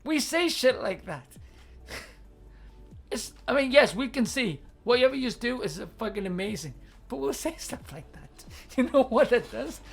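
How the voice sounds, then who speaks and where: A woman's voice: a little high, animated, measured pace, slightly rough, soft background music. A woman hosting a livestream advice chat, blunt and swearing freely, laughing often and reading out viewer comments. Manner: reads viewer chat aloud.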